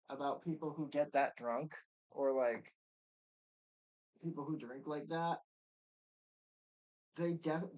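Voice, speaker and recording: A man's voice: fairly high pitch, a little mellow, low-quality recording. A man streaming live, chatting casually and rambling while he reacts to a video. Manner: rambling, with many fillers and restarts.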